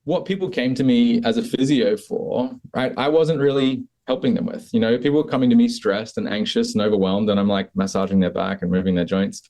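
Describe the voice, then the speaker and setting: A man's voice: mid-range voice, fairly quick, hardly any pauses. Laid-back Australian man, chatty guest. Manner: relaxed, conversational, many "like" and "kind of". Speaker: podcast guest, breathwork coach. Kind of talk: casual interview talk.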